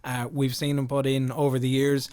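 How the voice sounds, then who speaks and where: A man's voice: mid-range voice, completely flat delivery, moderate pace, a little mellow, clear, resonant tone. A man hosting a podcast, chatting casually and rambling with lots of filler words. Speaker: podcast host. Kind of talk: casual interview chat.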